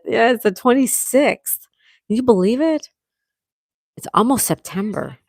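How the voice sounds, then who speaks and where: A woman's voice: fairly high pitch, expressive, a little slow, creaky, pauses often, darkish tone, no echo, studio quality. A woman hosting a casual morning livestream, reading viewer comments aloud and chatting, with a sore throat. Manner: chatty, reads out comments, frequent laughs. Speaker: livestream host reading chat. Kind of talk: casual live chat with viewers.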